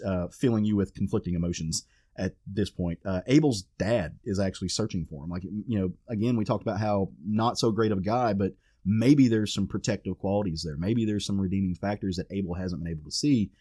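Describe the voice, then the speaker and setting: A man's voice: on the low side, brisk, a little mellow, dry recording, studio quality. A man co-hosting a podcast, casually and animatedly retelling a comic issue and acting out its characters' lines. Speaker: podcast co-host. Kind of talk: casual chat recapping a comic.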